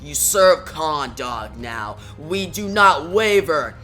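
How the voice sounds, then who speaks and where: A grim, commanding male antihero speaks low and hushed, as a woman reads him from a comic. His lines come slow and stern, with a bright, forceful edge to the tone. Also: animated, faint music behind, full character voice.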